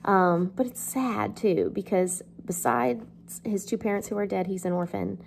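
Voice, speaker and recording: A woman's voice: medium pitch, normal speed, vocal fry, darkish tone, a little hiss or hum. A woman English teacher giving a casual, chatty literature lesson, filled with fillers and the odd joke. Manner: chatty, lots of fillers, jokes.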